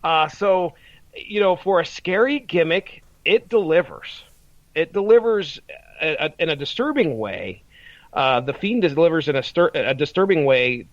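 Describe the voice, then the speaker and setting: A man's voice: fairly high pitch, animated, a little slow, dry recording, highs cut off. A man in his thirties co-hosting a podcast in casual chat, rambling with restarts and frequent laughter. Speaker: podcast co-host.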